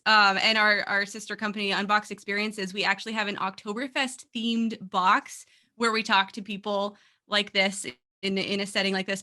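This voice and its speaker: Bright, upbeat woman co-hosting a podcast. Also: mid-range voice. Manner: upbeat, chatty, laughs easily. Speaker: podcast producer and co-host. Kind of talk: casual podcast chat.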